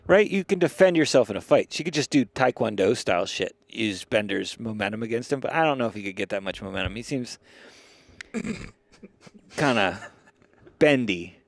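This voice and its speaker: A man's voice: fairly low pitch, expressive, moderate pace. A man co-hosting a casual comedy podcast, rambling and joking, laughing often as he talks. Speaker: podcast co-host.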